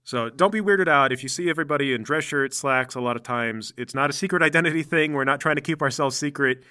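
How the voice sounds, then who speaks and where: A man voicing a friendly, down-to-earth male superhero who leads a small team, speaking in a relaxed, reassuring and chatty way. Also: fairly high pitch, fast talker. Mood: explaining.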